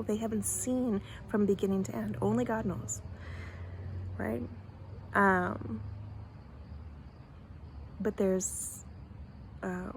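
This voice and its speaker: A woman talking casually to camera outdoors in a faith vlog, chatty and animated, with lots of fillers and restarts. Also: medium pitch, creaky, slight background noise. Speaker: vlogger. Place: outdoors in bright sun.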